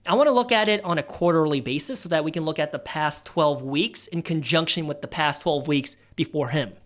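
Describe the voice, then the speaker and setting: A man in his thirties hosting a casual stock-analysis tutorial, chatty and animated, dropping jokey asides as he walks through the numbers. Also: on the high side, brisk. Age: 30s. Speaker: investing channel host.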